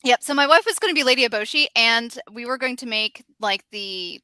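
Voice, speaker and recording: A woman's voice: a little high, lively intonation, brisk, bright, forceful tone, smooth, no room sound. A woman from the American South chatting casually on a live show, telling stories with lots of fillers. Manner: chatty storyteller, many fillers. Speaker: co-host. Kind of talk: casual chat.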